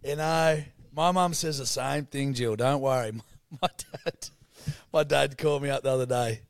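Sweary Australian bloke, dry sound. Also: male voice, mid-range voice, moderate pace, vocal fry, no echo. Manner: boisterous, sweary, laughs often. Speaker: podcast co-host. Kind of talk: casual banter.

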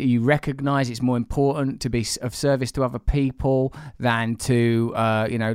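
A man's voice: medium pitch, clear, resonant tone, dry recording, clean studio sound. A man, hosting a casual, reflective conversation. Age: 40s. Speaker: host.

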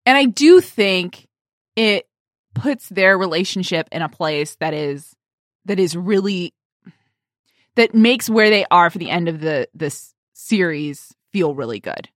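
A woman co-hosting a podcast in casual chat, lively and quick to laugh. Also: on the low side, no echo, clean studio sound. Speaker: podcast co-host.

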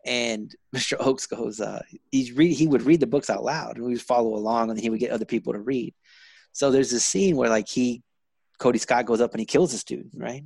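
A man telling stories in a loose, casual chat. He is profane and animated and keeps jumping into other people's voices. The room sounds dry and close. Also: mid-range voice, brisk, gravelly, slightly rough, dry recording. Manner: profane, animated, acts out quotes.

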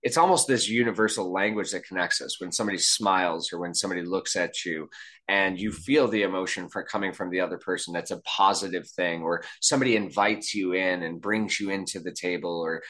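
A man's voice: low voice, steady tone, brisk, pushed and bright. A man speaking as an interview guest about communication, reflective and thinking aloud with frequent restarts. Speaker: guest, behavior and body language trainer. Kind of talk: conversational interview.

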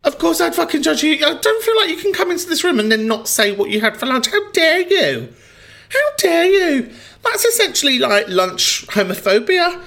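A man's voice: very high voice, fairly quick, gravelly, hardly any pauses. A man hosting a call-in podcast who rants and swears freely in casual chat. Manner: animated, ranting, swears freely. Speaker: podcast host.

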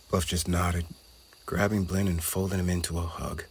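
A man narrating a children's storybook in a gentle, measured way. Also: low-pitched, steady tone, vocal fry, husky.

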